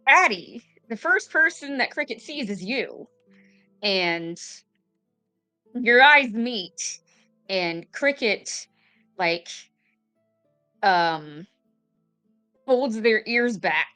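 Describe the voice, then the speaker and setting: A woman narrating a tabletop game as game master, with unhurried, filler-laden delivery. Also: medium pitch, expressive, bright, forceful tone, clean tone, soft background music.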